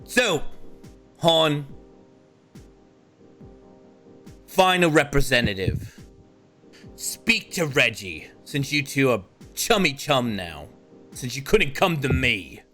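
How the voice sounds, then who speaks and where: A pompous vampire prince lords it over his court in a slow, drawn-out delivery, his tone mocking and grand, put on by a man running the game. Faint music plays under the tabletop session. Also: mid-range voice, very animated, bright, forceful tone, heavily acted. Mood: scornful. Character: haughty male vampire prince holding court.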